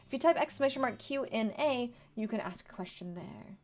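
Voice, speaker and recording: A woman's voice: on the high side, lively intonation, a little fast, a little mellow. A woman in her twenties chatting casually on a livestream, reading card text aloud and answering her chat. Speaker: streamer. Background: faint background music.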